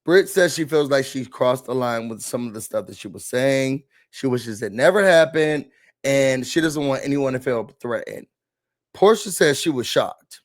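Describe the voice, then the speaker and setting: A man hosting a casual reality TV recap, talking in an animated, dramatic way with slangy asides. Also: medium pitch, moderate pace.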